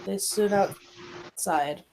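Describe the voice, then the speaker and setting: A woman's voice: medium pitch, very slow, creaky, warm tone, a little hiss or hum, rough recording. A woman asking questions and reporting findings in a tabletop game, hesitant and full of fillers. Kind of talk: casual tabletop game play.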